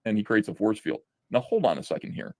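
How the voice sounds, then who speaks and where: A man's voice: fairly low pitch, sing-song, quick pace, a little mellow, no room sound. Sarcastic man mocking a comic. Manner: sarcastic, incredulous, laughs at the text. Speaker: comic book reviewer. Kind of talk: mocking read-through review.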